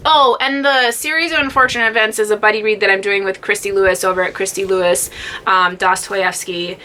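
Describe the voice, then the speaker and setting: A woman's voice: mid-range voice, fairly even intonation, fairly quick, pushed and bright, slight background noise. A young woman vlogging casually about her reading, chatty and rambling with fillers and laughs. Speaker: booktube vlogger. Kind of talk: casual chat.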